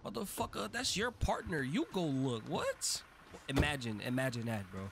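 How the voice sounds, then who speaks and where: A man hosting a gaming channel, giving casual, excitable let's-play commentary and swearing freely. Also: mid-range voice, moderate pace, creaky, slight background noise. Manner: chatty and excitable, swears freely, talks a lot when nervous.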